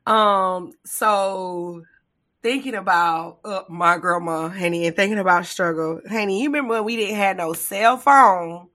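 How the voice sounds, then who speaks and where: Woman co-host, bright forceful tone, lively storyteller. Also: mid-range voice, unhurried. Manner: animated storytelling, laughs often, acts out relatives' lines. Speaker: podcast co-host. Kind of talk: casual chat.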